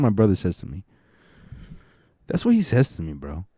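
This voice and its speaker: A man's voice: low voice, wildly swooping pitch, moderate pace, long pauses, warm tone, breathy edge, no room sound, clean studio sound. A man hosting a podcast, telling rambling, profane, laid-back stories. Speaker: podcast host and stand-up comic. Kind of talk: casual podcast monologue.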